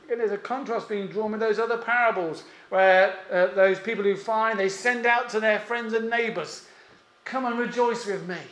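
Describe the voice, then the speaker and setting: A man preaching a sermon, emphatic and pausing often, with rhetorical questions. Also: high-pitched, fairly even intonation, fairly bright tone. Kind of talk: expository sermon. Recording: echoey room.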